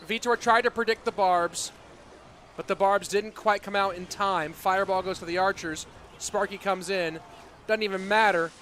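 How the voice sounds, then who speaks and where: A man casting a live game tournament, calling plays excitedly and chatting with viewers in between. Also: high voice, normal speed, a little hiss or hum. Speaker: esports caster. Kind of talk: live game commentary with chat. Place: Austin, Texas.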